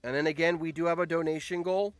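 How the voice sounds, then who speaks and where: A man hosting a channel, giving casual reaction commentary on a game simulation, swinging from low muttering to excited shouts. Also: fast, clear, resonant tone, no echo, soft background music. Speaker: channel host and streamer.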